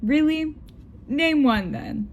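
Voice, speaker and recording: A woman voicing a dramatic teenage girl in a put-on British accent, shouting at her parents. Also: high-pitched, expressive, slow pace, slight background noise, voice pushed up, exaggerated voice. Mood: defiant.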